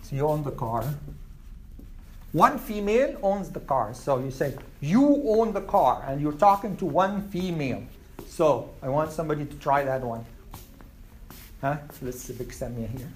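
A man teaching an Arabic class, repeating words slowly for his students. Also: a little high, expressive, a bit bright, a little hiss or hum. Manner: slow, repeats words for learners.

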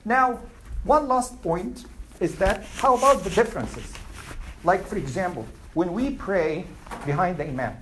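A man's voice: sits high, lively intonation, unhurried, a bit bright, rough recording. Guy giving a religion class, chatty, keeps asking the room questions, faint noise behind. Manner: conversational, quizzes the class with repeated questions. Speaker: religious teacher. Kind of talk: classroom lecture.

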